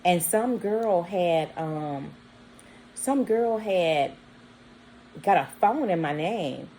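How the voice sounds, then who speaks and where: A woman's voice: fairly low pitch, drawn-out words, slight background noise, rough recording. Chatty woman telling a story. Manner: animated, acts out quoted voices with bleeped words. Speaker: vlogger. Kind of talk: casual storytelling.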